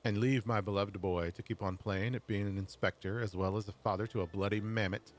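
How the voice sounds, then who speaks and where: A man's voice: lowish voice, steady tone, fairly quick, close to an everyday voice. A man voicing a stern, scolding middle-aged mother in a video game, with an attempted Irish accent and a blunt manner.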